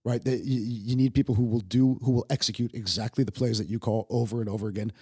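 A young man from New York with a New York accent, a chef talking in a casual podcast conversation, profane and animated, restarting his sentences often. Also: medium pitch, fast, slightly rough. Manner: profane, animated storyteller with many stammered restarts. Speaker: guest chef.

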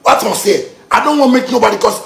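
A Ghanaian man rants in a high, gravelly voice, swinging from shouted outbursts to low mutters. The sound is echoey, as if recorded in a bare room. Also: animated, fast talker. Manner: heated, lurches between shouting and muttering. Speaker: musician. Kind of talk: ranting monologue.

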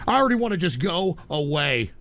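A sick man hosting a livestream talk show, exasperated, swearing and shouting at trolls. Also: on the high side, very animated, fairly quick. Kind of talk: casual livestream rant.

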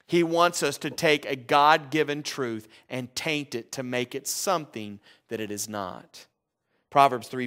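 High-voiced, slow-preaching pastor. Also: male voice. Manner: emphatic preaching with sudden drops to a hushed voice. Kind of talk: sermon. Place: church.

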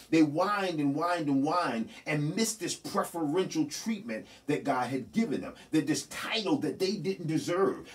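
A man preaching a sermon as pastor, talking to the congregation in a conversational way with sudden jumps in pitch. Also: distant mic. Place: church sanctuary.

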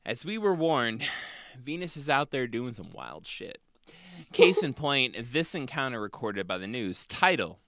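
This is a podcast host chatting casually with co-hosts, voice jumping around in pitch. The tone is bright and forward, and the mic picks up no room at all. Curses and laughter run through the talk. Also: measured pace, no room sound, studio quality. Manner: animated, swears freely, laughs often. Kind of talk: casual conversational podcast chat.

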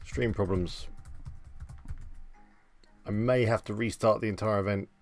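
Gravelly-voiced man hosting a stream. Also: fairly low pitch, fairly even intonation, unhurried, faint music behind. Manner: chatty, greets viewers by name, self-deprecating. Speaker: live stream host. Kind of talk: casual live stream chat.

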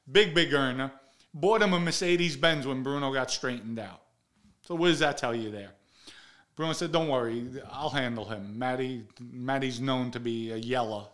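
A man's voice: medium pitch, moderate pace, a bit bright. An older man from the Bronx, hosting a show and telling stories in a blunt, profane, casual way, raising his voice when he acts out quotes. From the Bronx, New York. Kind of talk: casual storytelling monologue.

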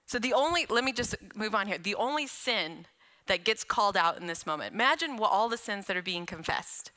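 A woman delivers a sermon from a church platform, talking with the congregation in a casual, animated way. Her voice is bright and forward. She sounds like a young adult and drops in offhand remarks between readings. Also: medium pitch. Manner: conversational, animated preaching with casual asides. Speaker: guest speaker. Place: church sanctuary.

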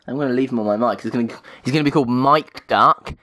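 A man giving rambling, crude, excitable commentary while playing an online shooter, often shouting at the game. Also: medium pitch, fast talker, few pauses. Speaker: gaming YouTuber. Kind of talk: live gameplay commentary.

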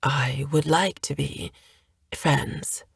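A woman reading an audiobook gives voice to an anxious young man who halts and restarts as he speaks. His tone sits low and earnest, full of self-doubt. The recording is close and dry, with no room around it. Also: fairly even intonation, gravelly, slightly rough, no echo, exaggerated voice. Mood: soft whisper. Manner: hesitant, halting.

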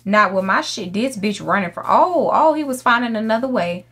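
A woman's voice: on the high side, animated, normal speed, a bit bright, breathy edge. A young woman giving casual gameplay commentary, brash and profane, scolding the animals in her game. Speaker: gaming YouTuber.

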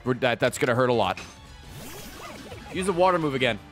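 A man giving casual, profane commentary while streaming a video game, with excitable running reactions. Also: medium pitch, brisk, faint music behind.

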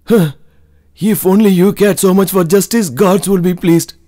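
A man's voice: high voice, normal speed, mellow, no room sound, close to an everyday voice. A man dubbing a judge in a film, speaking in a dry, sarcastic way. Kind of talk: film dub.

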